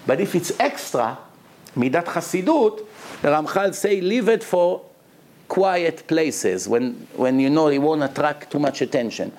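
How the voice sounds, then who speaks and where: A man's voice: a little high, darkish tone. Man teaching a religious text. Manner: teaching with examples, non-native English with Hebrew quotes. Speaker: Torah teacher.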